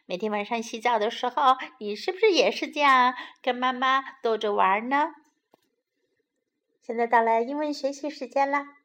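A woman narrating a bilingual children's story and teaching English words, gentle and teacherly. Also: a little high. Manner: slow, careful, gentle, teacherly.

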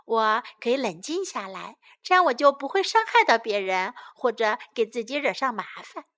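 Woman, children's English teacher, high voice, lively melody, slow careful repetition. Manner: slow, clear, lively, repeats each phrase. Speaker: bilingual children's story teacher. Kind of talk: reading a picture book and drilling phrases.

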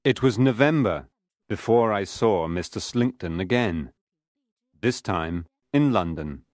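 A man's voice: fairly low pitch, expressive, measured pace, no room sound, clean studio sound. A man narrating a graded reader audiobook in a careful reading voice.

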